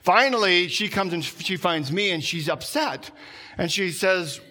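Guy giving a sermon, kinda high voice, chatty, slows way down on the big points. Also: animated, bright, forceful tone. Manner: conversational preaching, slows down and drops low for emphasis. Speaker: pastor.

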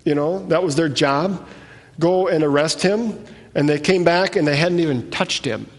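A man's voice: on the high side, moderate pace. Man preaching in an echoey hall. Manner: reads scripture aloud, then explains in plain conversational asides. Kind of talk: sermon, Bible teaching. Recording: echoey hall with long reverb.

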